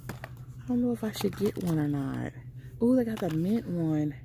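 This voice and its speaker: A woman's voice: on the low side, expressive, moderate pace, gravelly, noisy background. A woman chatting casually to her viewers while she shops in a store, calling them y'all and honey. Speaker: vlogger. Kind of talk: casual shopping vlog. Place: inside a store.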